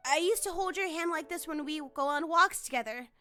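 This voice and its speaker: A remorseful middle-aged father, halting and apologetic, as a woman reads him aloud from a visual novel. The voice sits high and bright for him, with faint game music under it. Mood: gentle.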